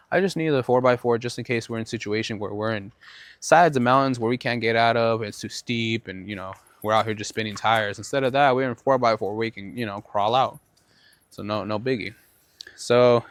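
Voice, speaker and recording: A man's voice: medium pitch, dry recording. Male podcast host, casual rambling storyteller, swears freely, dry close sound. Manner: profane, rambling, animated storytelling.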